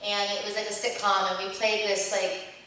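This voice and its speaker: A woman's voice: medium pitch, normal speed. Middle-aged woman telling stories on a con panel, lots of ums, big echoey hall, mic kinda far off. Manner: chatty, animated anecdotes with laughs and fillers. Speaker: actress guest at a fan convention panel. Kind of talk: convention Q&A storytelling. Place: large indoor convention hall. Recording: echoey convention hall from far off, faint noise.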